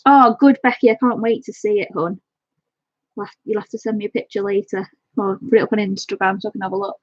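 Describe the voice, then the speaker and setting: At home, a woman streams herself colouring and talks fast in a medium-pitched voice with fairly even intonation, fondly greeting viewers by name. The lo-fi stream audio is dull, with no room sound.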